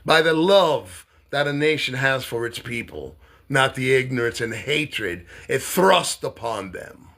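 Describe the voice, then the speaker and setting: An American man in a heated, profane political rant, swinging from loud outbursts to soft, quiet declarations. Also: mid-range voice, lively intonation, a little slow. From United States. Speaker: self-styled presidential candidate.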